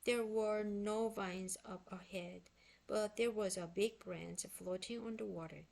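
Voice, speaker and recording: Woman, children's book read-aloud, expressive, slow and careful, Korean first language. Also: mid-range voice, creaky. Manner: expressive, unhurried storytelling. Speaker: book reader.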